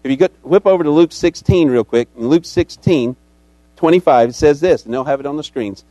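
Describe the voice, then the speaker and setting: Male pastor, sermon, dramatic storytelling, fairly high voice, dry close sound. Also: a little fast, dark tone, no echo. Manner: dramatic storytelling that acts out the characters.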